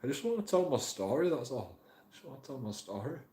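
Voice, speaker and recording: Very animated and fast, a man with a medium-pitched, dark-toned voice delivers an emotional, rambling monologue. The YouTube auditor vlogger swears and repeats himself for his channel, recorded with a roomy echo.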